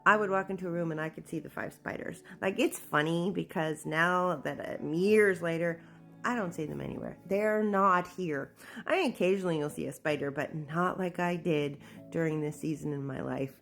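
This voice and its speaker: A woman with a low, gravelly voice tells her own story candidly, slipping into the voices of the people in it. Faint music plays under her. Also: moderate pace. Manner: candid, animated, acts out quoted speech. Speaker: memoir narrator. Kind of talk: personal storytelling.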